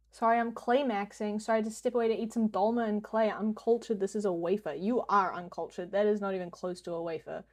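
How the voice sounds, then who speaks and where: A woman's voice: medium pitch, darkish tone. A young woman with a New Zealand accent, streaming a guessing game in casual commentary, jokey, swearing freely and slipping into mock rants.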